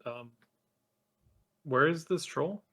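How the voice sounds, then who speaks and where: A man's voice: a little high, slow pace, a bit bright. A man playing a tabletop game, asking questions hesitantly with fillers and restarts. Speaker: player.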